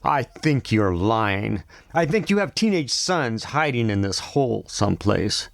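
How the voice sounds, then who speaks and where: A man's voice: medium pitch, very animated, unhurried, gravelly, dry recording, clean studio sound. A man reading a novel aloud and voicing a cold, menacing army captain.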